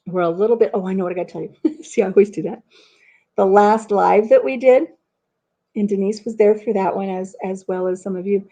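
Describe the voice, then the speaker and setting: A woman's voice: mid-range voice, dark tone. A middle-aged woman hosting a casual live stream from home, rambling through stories, reading viewer comments aloud and laughing at her own tales. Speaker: host of a live chat stream.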